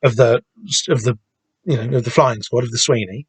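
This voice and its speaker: A man's voice: medium pitch, steady tone, moderate pace, slightly rough, no room sound. A man hosting a podcast, talking casually and rambling with many restarts and the odd swear word. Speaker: podcast host discussing a comic.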